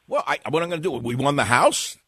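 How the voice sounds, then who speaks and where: A man's voice: fairly high pitch, expressive, fast, fairly bright tone, breathy edge, no echo. A man from New York hosting a combative talk radio show, blunt and sarcastic with his callers. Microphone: studio microphone.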